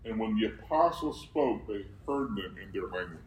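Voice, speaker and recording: A man's voice: fairly low pitch, animated, moderate pace, darkish tone, a little hiss or hum, low-quality recording. A man preaching a sermon who reads scripture aloud and keeps asking his listeners questions, then answering them himself.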